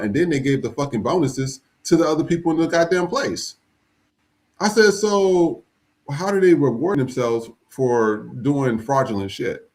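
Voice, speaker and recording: Blunt, profane male podcast host. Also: mid-range voice. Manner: blunt, profane, animated ranting. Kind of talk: casual political chat.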